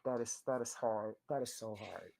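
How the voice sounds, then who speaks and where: A man's voice: lowish voice, moderate pace, creaky, background noise. Emotional, rambling young man on a podcast. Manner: emotional, dramatic, apologetic, rambling. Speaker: podcast co-host. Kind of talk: casual podcast chat.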